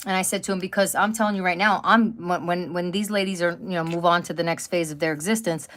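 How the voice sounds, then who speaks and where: A woman's voice: on the low side, fairly even intonation, fast, fairly bright tone. A woman in her fifties chatting casually on a live stream, telling rambling stories full of fillers and restarts. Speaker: craft channel host. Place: at home by a wood stove.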